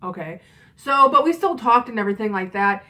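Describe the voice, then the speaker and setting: A woman's voice: on the high side, animated, brisk, sharp tone. A young woman in her twenties telling a story in a casual vlog, chatty and frank, with lots of fillers and swearing. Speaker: vlogger.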